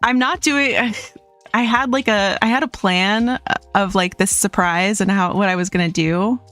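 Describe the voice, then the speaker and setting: A woman's voice: mid-range voice, unhurried, a bit bright, dry recording, faint music behind. A young adult woman streaming from home, chatting casually, reading chat aloud and laughing often.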